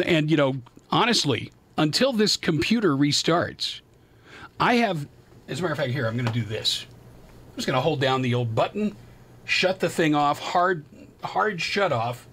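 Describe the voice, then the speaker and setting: A man's voice: fairly high pitch, fairly bright tone, no echo. A man hosting a live call-in radio talk show from his studio, rambling and openly exasperated about his equipment. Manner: exasperated, rambling, self-deprecating. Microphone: studio microphone.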